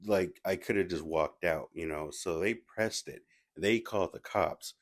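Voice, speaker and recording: Deep-voiced man rambling through a story. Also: measured pace. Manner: rambling, with frequent restarts and asides. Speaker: movie reviewer telling a personal story. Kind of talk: casual storytelling monologue.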